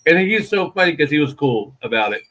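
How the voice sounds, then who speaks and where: A man's voice: fairly high pitch, big pitch swings, a little fast, a bit bright, poor audio. Profane man telling a rambling story. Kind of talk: casual storytelling chat.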